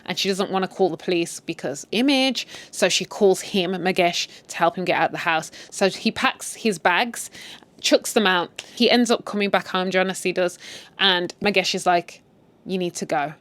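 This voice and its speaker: A woman retelling a drama series in an animated, chatty way, adding her own commentary. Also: normal speed. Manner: animated, chatty, swings in pitch for emphasis. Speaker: storyteller. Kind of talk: casual story retell with commentary.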